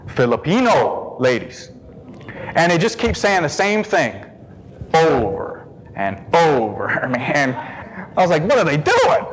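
A man tells his own story with a high voice that swoops up and down. He is animated and laughs often, talking loosely and calling his listeners "man". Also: slow pace, pauses often, a little hiss or hum, low-quality recording. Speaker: speaker telling a conversion story. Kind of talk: personal testimony storytelling.

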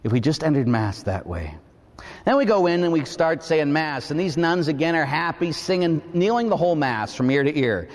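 A priest preaches with a somewhat high, very lively voice that climbs and dips as he tells his story. He acts out the voices of the people he quotes. The sound carries a long reverb, as in a large church. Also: normal speed. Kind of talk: sermon with storytelling.

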